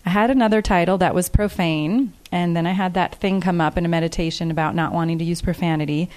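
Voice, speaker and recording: A woman in a casual question-and-answer session with an audience, talking in an earnest, conversational way. Her voice sits somewhat low for a woman. She repeats each question aloud before she answers it. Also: fairly even intonation, fast talker, a little mellow.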